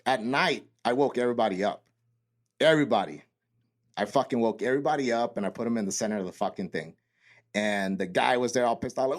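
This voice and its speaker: A man's voice: medium pitch, fast talker. A man and Marine veteran telling a boot camp story in casual, profane podcast chat, acting out the quotes.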